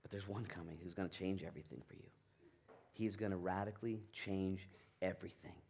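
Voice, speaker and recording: Animated male pastor preaching. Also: low-pitched, creaky, a little hiss or hum. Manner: animated, plays out Bible figures in quick voices. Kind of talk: sermon.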